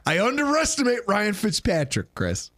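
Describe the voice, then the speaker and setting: Animated, high-voiced man telling stories. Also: moderate pace. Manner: animated, excitable storyteller who acts out quotes. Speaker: podcast co-host. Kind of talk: casual chat.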